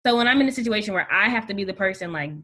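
A woman, a recent bride, telling her story in a relaxed, chatty way. She laughs easily. Her voice sits at an ordinary pitch. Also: rapid-fire. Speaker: interview guest, bride. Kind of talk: casual conversation.

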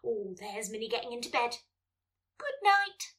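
A woman reading as a playful two-year-old family dog, chatting like a diary with excited barks. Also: on the high side, normal speed, far from the mic.

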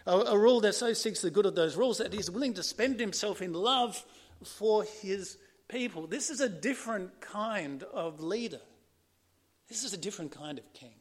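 Male preacher with a high voice, earnest sermon delivery that swings from emphatic to quiet. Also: expressive, moderate pace, breathy edge.

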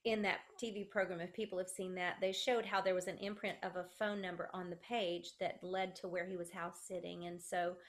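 A middle-aged woman, earnestly sharing her personal testimony and slowly reading a letter aloud. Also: lowish voice, flat delivery.

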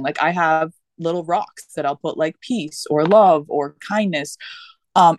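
A woman's voice: sits low, no echo. A woman in her thirties, a podcast guest, talking in an earnest, rambling way with many fillers and restarts. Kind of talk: casual conversation.

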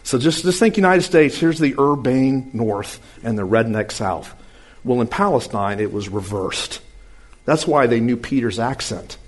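A man giving a conversational sermon-style Bible lesson, folksy and animated, who swings between brisk asides and slow, quiet emphasis. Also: mid-range voice. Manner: folksy, animated, uses homespun comparisons. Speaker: Bible teacher.

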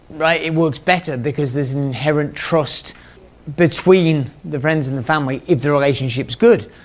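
A man with a fairly high-pitched voice talks casually to a group of business owners. He acts out back-and-forth exchanges and keeps checking in with "right?" as he makes his points. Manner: conversational, acts out quoted exchanges, repeats "right?". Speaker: business mentor speaking to a mastermind group. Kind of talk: informal business talk to a group.

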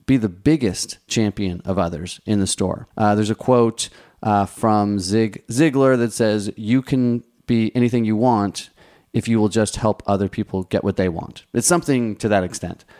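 A man's voice: lowish voice, normal speed, darkish tone. Man casually giving career advice. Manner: conversational, many restarts and "you know" fillers. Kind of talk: casual advice talk, answering viewer questions.

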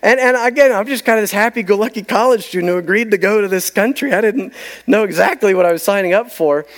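A man's voice: sits high, fast talker. A man preaching a sermon, telling a story with emphasis and letting key lines trail off to a near-whisper. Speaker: pastor.

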